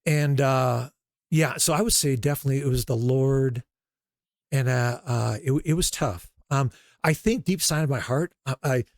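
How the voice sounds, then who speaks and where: A man's voice: medium pitch, moderate pace, vocal fry, dry recording, studio quality. A middle-aged man, a basketball coach as guest, telling stories and acting out quoted dialogue. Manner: animated storyteller, acts out quoted dialogue. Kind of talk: storytelling interview talk.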